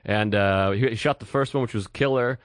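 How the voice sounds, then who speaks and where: Fast-talking podcast host man, dry mic. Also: lowish voice, dry recording. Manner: animated, swears freely, acts out quotes. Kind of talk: casual storytelling chat.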